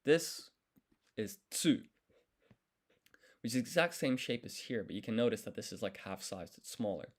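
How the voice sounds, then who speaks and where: A man studying a language on a live stream, thinking aloud, sounding out syllables slowly and correcting himself as he goes. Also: fairly low pitch, lively intonation.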